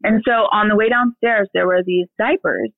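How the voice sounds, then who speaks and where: A woman in her thirties, a podcast guest, telling an animated, profane story in casual chat. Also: mid-range voice, moderate pace, vocal fry, no room sound. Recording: dry phone-like remote audio.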